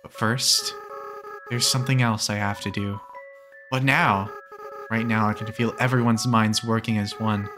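A man voicing a gentle, remorseful young goat-monster boy, reading game dialogue aloud in a soft, tearful way. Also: fairly low pitch, fairly even intonation, measured pace, music in the background, close to an everyday voice. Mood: sad.

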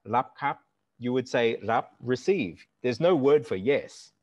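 A middle-aged man explaining language points in an animated, instructive way, speaking aloud examples as he goes. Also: mid-range voice, unhurried, no echo. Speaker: language teacher and guest. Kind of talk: explanatory conversation. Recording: dull lo-fi call audio.

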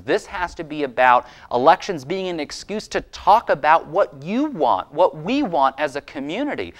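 A man's voice: a little high, a bit bright. Young guy from maine all riled up, hammering his points home on his show. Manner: fired-up, insistent, repetitive emphasis. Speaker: host and state legislator. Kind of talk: impassioned political commentary.

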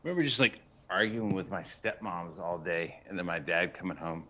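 A man's voice: low voice, moderate pace, dull audio. A young man streaming, chatting casually with lots of swearing and acted-out quotes. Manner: animated, profane, acts out quoted voices. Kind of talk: casual chat.

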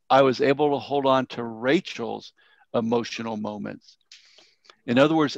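A man's voice: vocal fry, dry recording. Earnest man telling a story. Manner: earnest storytelling, sometimes drops to a soft low tone. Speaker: church elder teaching a grief workshop. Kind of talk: workshop teaching with personal story. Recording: slightly dull, dry sound.

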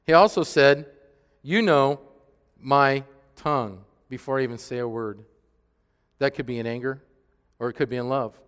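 A male pastor preaching a sermon earnestly and emphatically, often dropping to a hushed tone. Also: medium pitch, fairly quick, pauses often, clean tone, in a large hall. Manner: earnest, emphatic preaching with dramatic dips to a hush. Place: church.

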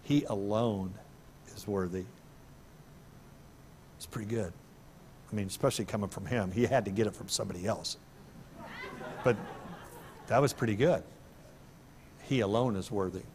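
A middle-aged male pastor preaching a sermon in a church, breaking into sudden loud, high bursts of emphasis. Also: moderate pace, pauses often, some chatter behind, a little hiss or hum. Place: church sanctuary.

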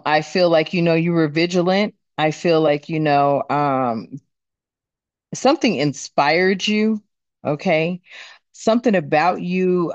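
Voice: mid-range voice, dry recording, highs cut off. A tarot reader giving a casual card reading, talking bluntly with plenty of swearing and rambling fillers.

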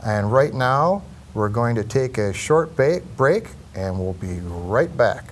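A man's voice: medium pitch, expressive, slow. A man hosting a talk show who rambles and stumbles over his words. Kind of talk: casual talk show chat.

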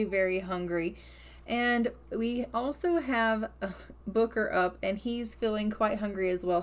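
A chatty woman talks through her life-sim gameplay at a desk microphone. She is upbeat and affectionate toward her game characters, lingering on and repeating words for emphasis. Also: medium pitch. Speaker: gaming video host. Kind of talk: narrated gameplay commentary.

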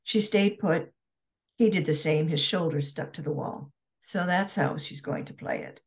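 A woman author narrating her romance novel in a steady, measured reading voice. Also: deep voice, gravelly.

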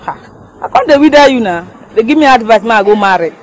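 A woman's voice: a little high, animated, fairly quick, a little hiss or hum, close to an everyday voice. An actress playing a defiant young woman arguing heatedly with a friend in a Nigerian accent.

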